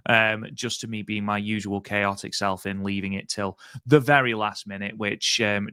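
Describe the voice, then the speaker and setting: A man's voice: mid-range voice, pushed and bright, no room sound. A man co-hosting a podcast over a remote link, chatting casually in a rambling, self-deprecating way full of ums. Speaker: podcast co-host.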